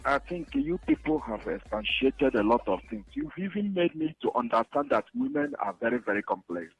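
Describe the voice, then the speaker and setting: A man calling into a radio show by phone, animated and acting out back-and-forth exchanges. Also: mid-range voice, moderate pace, vocal fry, slightly rough, muffled recording. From Nigeria. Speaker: caller. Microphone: phone call.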